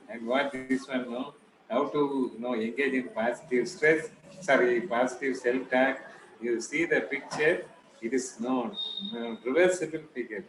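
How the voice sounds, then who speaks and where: An animated male lecturer with an Indian English accent and a medium-pitched voice gives an informal lecture on stress and self-talk. He tells stories vividly, acting out the voices he quotes. The room is echoey with a noisy background.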